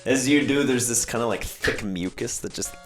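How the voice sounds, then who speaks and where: A man's voice: mid-range voice, normal speed, echoey room, faint music behind. A man running a tabletop game as game master, narrating playfully and throwing in little sound effects.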